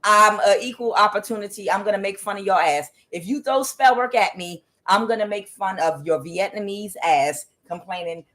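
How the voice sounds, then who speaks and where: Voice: medium pitch, normal speed, hardly any pauses, a bit bright. A tarot card reader giving a casual, rambling reading, with many fillers and blunt asides.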